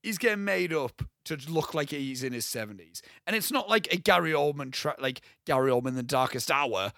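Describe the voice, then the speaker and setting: A young man co-hosting a podcast, talking casually and excitedly about a film, rambling and swearing freely. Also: a little high, fairly quick, vocal fry, dry recording, studio quality. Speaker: podcast co-host.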